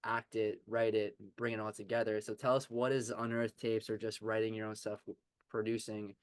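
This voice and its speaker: Flat low-voiced man, earnest and encouraging. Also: normal speed, smooth, no room sound. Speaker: podcast host. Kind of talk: casual interview chat.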